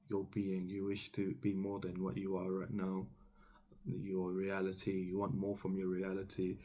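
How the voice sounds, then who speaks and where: A man with a low, level voice gives an intuitive tarot reading, talking straight to the listener. He wanders from thought to thought, hesitating often with ums and starting his sentences over. A faint hiss sits under his voice. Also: a little mellow. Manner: meandering, hesitant, with frequent ums and restarts; speaks directly to the listener as "you". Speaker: tarot reader.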